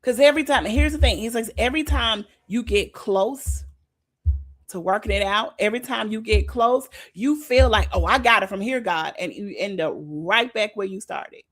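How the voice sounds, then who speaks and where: A woman's voice: on the high side, moderate pace. A woman giving an informal sermon, talking conversationally and emphatically, often repeating her phrases. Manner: repetitive, emphatic, conversational preaching. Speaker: speaker leading a devotional talk.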